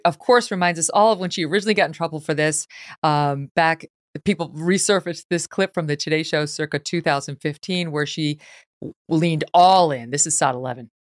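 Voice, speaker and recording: A woman hosts a talk podcast, talking with sarcastic, animated energy and frequent laughter. Her voice sits low, and the recording is dry and close. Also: no room sound. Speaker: podcast host. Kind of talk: casual talk-show commentary.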